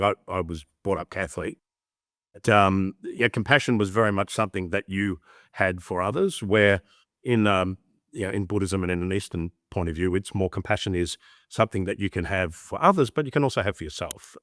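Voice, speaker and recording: A middle-aged Australian man with a lowish voice tells stories with lively animation. He slips into little character voices as he talks. The sound is dry and close. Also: dry recording. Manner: animated storyteller, acts out voices in anecdotes. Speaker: guest. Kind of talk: reflective interview talk.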